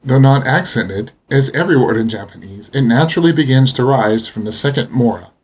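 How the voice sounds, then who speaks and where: A man teaching a language lesson, explaining pronunciation slowly and deliberately. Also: mid-range voice, expressive, a little mellow, husky, muffled recording. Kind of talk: instructional narration.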